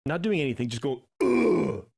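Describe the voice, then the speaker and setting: Man, podcast co-host, lively storytelling delivery, close dry mic. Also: medium pitch, moderate pace, no echo. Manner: animated storyteller, acts out quotes. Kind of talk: casual chat.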